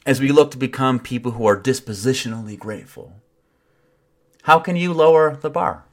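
A man giving a reflective sermon in an earnest tone, with wry self-mocking asides and soft whispered passages. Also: mid-range voice, normal speed. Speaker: preacher.

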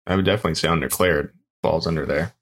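Low-pitched male co-host, wry and laid-back, movie chat. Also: rapid-fire, a bit bright. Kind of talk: casual chat about movies.

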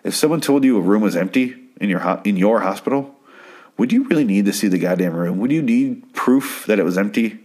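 Very low-voiced man, profane rambling recap. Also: lively intonation, quick pace, few pauses, darkish tone, breathy edge. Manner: profane, chatty, acts out characters' lines. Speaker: TV episode recap host.

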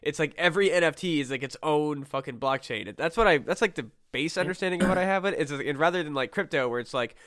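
A young man hosting a podcast, ranting and swearing through a casual chat. His voice sits a little high and comes through smooth and resonant, with a dry, close sound. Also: fast, few pauses, a bit bright, no echo. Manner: ranting, heavy swearing, many restarts. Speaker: podcast host.

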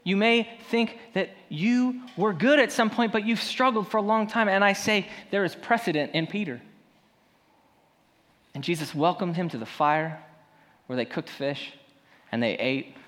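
A male pastor preaching a sermon in a conversational way, swinging between loud emphasis and hushed moments. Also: a little high, measured pace, in a large hall.

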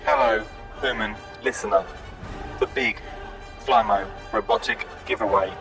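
A man doing a gravelly robot announcer. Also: on the low side, a little slow. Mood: announcing. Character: male robot announcer, flat and mechanical. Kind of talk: promotional announcement. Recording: distant voice over loud music.

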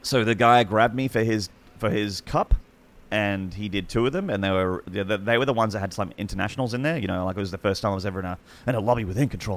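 A man's voice: lowish voice, fast talker, few pauses. A man in his thirties with an Australian accent, an esports commentator telling his story in a casual podcast chat, rambling with many restarts and fillers.

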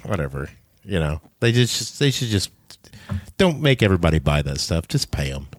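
A man hosting an interview, tossing in joking asides and quick quips. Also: low-pitched, sing-song, no room sound. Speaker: podcast host. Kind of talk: casual interview chat.

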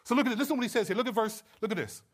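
Pastor, man: high-pitched, chatty preaching, often checking in with the room. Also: rapid-fire. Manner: conversational, checks in with the audience often. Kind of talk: sermon.

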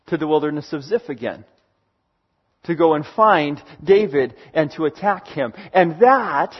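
A man's voice: fairly high pitch, husky, lo-fi sound. A man preaching a sermon in a conversational, storytelling way, with frequent hesitant fillers. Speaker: pastor.

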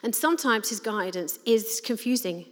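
A woman's voice: fairly high pitch, lively intonation, moderate pace. Earnest woman preaching in a reverberant hall. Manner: earnest, conversational, many fillers. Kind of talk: sermon.

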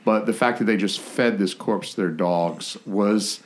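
A man with a fairly low voice hosts a podcast, cracking crude jokes and laughing often. A faint noise sits under the recording. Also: a little slow. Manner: bawdy, laughing, wisecracking. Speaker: podcast host. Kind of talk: crude comedic chat.

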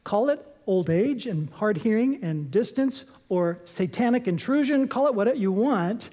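A man's voice: high-pitched, measured pace. A man preaching a sermon as pastor, emphatic and jokey, repeating his short points. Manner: lively, jokey storytelling preacher.

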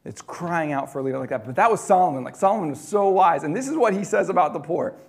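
A man preaching a sermon in a conversational way, swinging between loud emphatic lines and quiet, dropped ones. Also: fairly high pitch, expressive, fast talker. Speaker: pastor.

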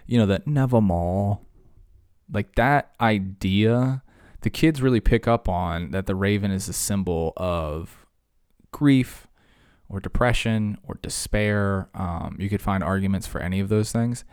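A man from Virginia who teaches high school English, talking casually and rambling with lots of filler words and sudden animated bursts. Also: a little slow, clear, resonant tone, no room sound, clean studio sound. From Virginia, USA. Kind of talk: casual conversation.

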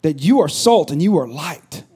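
High-voiced joking pastor preaching. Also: male voice, lively intonation, moderate pace, dark tone, husky. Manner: conversational, joking preacher with rising emphatic bursts. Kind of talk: sermon.

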